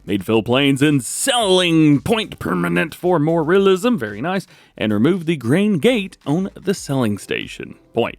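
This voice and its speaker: A man's voice: a little high, big pitch swings, unhurried, no room sound. A man hosting a gaming channel, reading game mod update notes aloud and adding wry asides.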